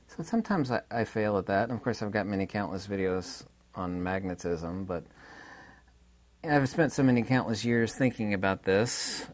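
Slow, deliberate man lecturing solo. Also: on the low side. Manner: deliberate, slowed delivery with fillers and restarts. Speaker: channel host explaining science theory. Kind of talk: unscripted lecture-style monologue.

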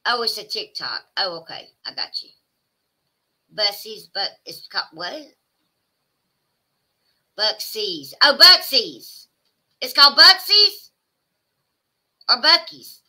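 Bright-voiced Southern woman chatting on stream. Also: mid-range voice, big pitch swings, takes it slowly, long pauses. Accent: Southern American. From American South. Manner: chatty, exclaiming, drawling asides to chat. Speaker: livestream host reading chat. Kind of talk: casual chat.

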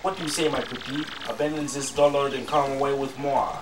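A man's voice: medium pitch, steady tone, brisk, echoey room, lightly acted. A man voicing a smarmy, flirtatious male suitor in a put-on French accent, oily and theatrical, with game music behind and the mic a little distant. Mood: flirting. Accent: fake French.

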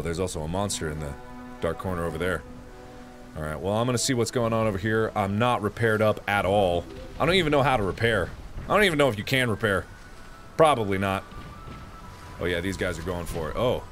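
A man streaming a game live, joking and yelling at enemies, then dropping to low mutters. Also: normal speed, over music. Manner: excitable, jokey, yells at enemies then mutters.

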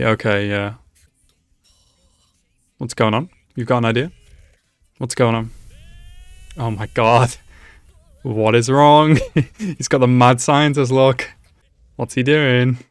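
A man's voice: medium pitch, dry recording, clean studio sound. A man hosting an anime reaction video, chatting casually to the screen and laughing often. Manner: laughs often, excitable exclamations and asides to the screen. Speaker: anime reaction channel host. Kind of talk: casual live reaction commentary.

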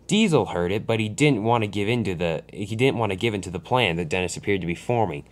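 A man's voice: on the low side, lively intonation, fast talker. A man casually narrating a toy train story, loose and unscripted, with frequent restarts.

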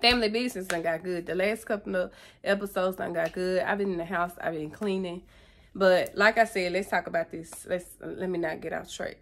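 A woman's voice: mid-range voice, steady tone, normal speed, a bit bright. Chatty woman vlogging about her hair. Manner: chatty, emotional, talks straight to viewers. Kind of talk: casual chat to camera.

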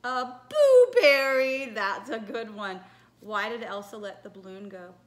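A woman's voice: medium pitch, level tone, normal speed, pushed and bright. A woman leading a church children's message, chatting playfully and laughing at herself as she tells jokes to children. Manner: playful, giggly, self-teasing. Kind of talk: casual talk to children.

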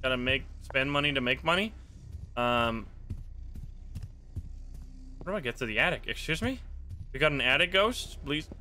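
A man's voice: mid-range voice, animated, pushed and bright, slight background noise. A young man streaming a horror game, reading its text aloud with chatty, wry asides and the odd curse. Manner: chatty and wry, reacts with quick asides and swearing.

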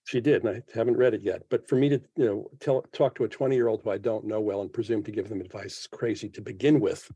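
A man's voice: fairly low pitch, fairly even intonation, fast talker, hardly any pauses, dark tone, husky, no room sound. A man in his seventies, a podcast guest speaking reflectively in an interview and thinking aloud with frequent restarts. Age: 70s. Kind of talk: interview conversation.

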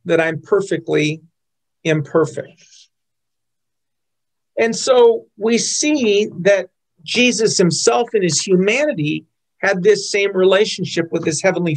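A man in his fifties giving an earnest, storytelling sermon as pastor. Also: high-pitched. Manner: earnest, storytelling, quotes others in changed voices.

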